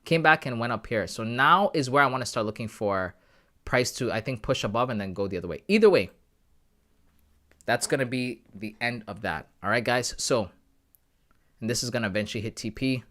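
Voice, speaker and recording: A man's voice: mid-range voice, expressive, brisk, fairly bright tone. Chatty Canadian man hosting a trading stream. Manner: chatty, hyped, calls viewers bro and guys. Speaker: trading livestream host. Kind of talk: casual live-stream commentary.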